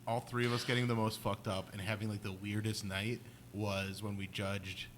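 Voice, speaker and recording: A man co-hosting a podcast, telling stories in a rambling, halting way full of restarts. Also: lowish voice, level tone, slight background noise. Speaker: podcast co-host. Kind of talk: casual chat.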